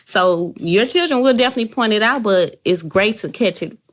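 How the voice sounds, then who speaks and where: A woman's voice: medium pitch, expressive, fairly quick. A woman grief specialist in a candid panel conversation, speaking earnestly from faith and her own experience.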